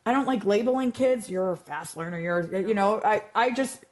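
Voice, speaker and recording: A woman math teacher speaks as a guest in a relaxed conversation. She talks in a chatty, animated way, circling back with fillers and restarts. Her voice sits at a middle pitch. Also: moderate pace. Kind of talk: casual interview chat.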